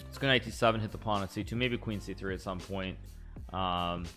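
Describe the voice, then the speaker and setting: Guy streaming chess, lowish bright voice, rambles, rattles off quick thank-yous to subs. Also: soft background music. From United States. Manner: chatty and rambling, thinks aloud about moves, quick thank-yous to subscribers. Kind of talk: live-stream chess commentary and chat.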